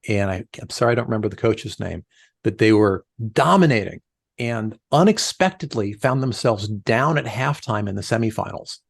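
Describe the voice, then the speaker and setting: With a fairly low, creaky voice that has a breathy edge, this middle-aged man speaks at normal speed as a leadership coach guest on a podcast interview. He tells stories animatedly, performing the voices of the people in them, and the clean studio recording has no room sound.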